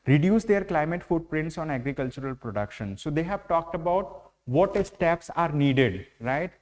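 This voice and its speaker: A man's voice: a little high, a little mellow. A man with an Indian English accent teaching current affairs in an online exam-prep lecture, explaining step by step and leaning on "like, you know". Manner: explanatory, heavy use of fillers like "you know".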